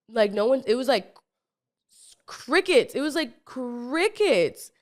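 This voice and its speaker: A woman's voice: on the high side, takes it slowly. Chatty young woman telling a wild story. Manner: breathless, filler-heavy, repeats words; animated, swears freely. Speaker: podcast host. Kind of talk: casual storytime monologue.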